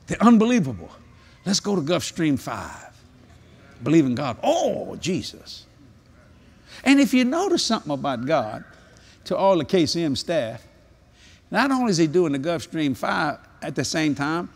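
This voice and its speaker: Older evangelist, husky and a bit high, comic preaching with bursts of squeaky exclamation. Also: male voice, unhurried, pauses often. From New Orleans, Louisiana. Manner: animated, jokey storytelling with sudden high-pitched exclamations. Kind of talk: humorous sermon. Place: large convention hall.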